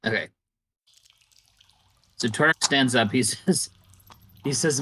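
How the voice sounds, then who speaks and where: A man narrating a tabletop game as game master in a relaxed, casual way. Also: mid-range voice, moderate pace, pauses often, breathy edge.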